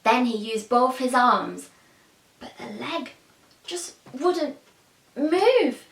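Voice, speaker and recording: A woman's voice: high-pitched, animated, drawn-out words, gravelly. A woman telling a children's story expressively, asking her listeners questions, in an echoey room.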